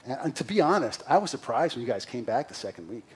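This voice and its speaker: A middle-aged man preaching a sermon as senior pastor, earnest and confessional, moving between loud emphasis and quiet asides. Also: mid-range voice, sing-song, fast talker, husky. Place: church sanctuary.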